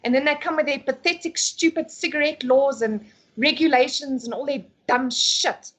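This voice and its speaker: A woman vents in a casual podcast chat, her high voice sharp with exasperation. She swears freely and sounds fed up, talking as a frustrated beauty therapist. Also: steady tone, moderate pace. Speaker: podcast co-host.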